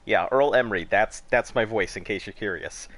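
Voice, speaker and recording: Low-voiced, swearing man telling stories. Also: normal speed, fairly bright tone, dry recording. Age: 30s. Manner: swearing, laughing storyteller. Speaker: gaming streamer. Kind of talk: casual chat while gaming.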